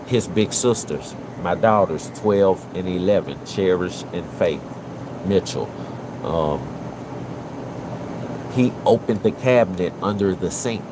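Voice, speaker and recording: A man talks to his live-stream chat in an earnest, repetitive way. His voice sits a little low and his delivery is unhurried. A steady hum of noise, like an air conditioner, runs clearly under the recording. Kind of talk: emotional live-stream commentary.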